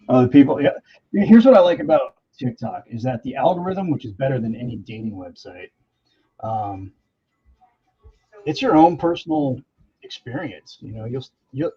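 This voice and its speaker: Man, gravelly, husky, casual livestream chatter, rambling, mild swearing. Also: mid-range voice, muffled recording. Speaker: comic artist streaming while inking. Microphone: close microphone.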